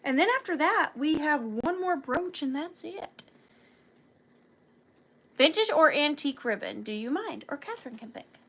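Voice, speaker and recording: A woman's voice: sits high, animated, moderate pace, fairly bright tone. A woman hosting a live online sale, chatting playfully with viewers and calling them by name. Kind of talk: chatty live-stream selling.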